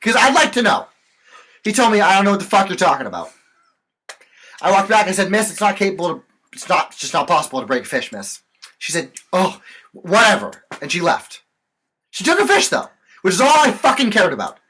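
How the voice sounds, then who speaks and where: A man's voice: sits high, big pitch swings, brisk, long pauses, pushed and bright, husky, low-quality recording. A young man co-hosting a podcast, telling work stories in a casual, profane, ranting way. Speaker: podcast co-host. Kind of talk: casual chat.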